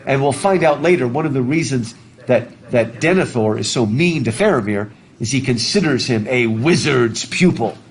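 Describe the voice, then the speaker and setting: A man's voice: medium pitch, lively intonation, normal speed, rough recording. A male literature teacher talking casually and ramblingly to his class, laughing easily. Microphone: masked, recording his own class.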